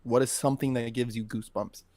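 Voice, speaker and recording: A young man hosting a podcast, chatting casually in a relaxed, slangy way with laughs. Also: mid-range voice, quick pace, no echo. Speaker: podcast host.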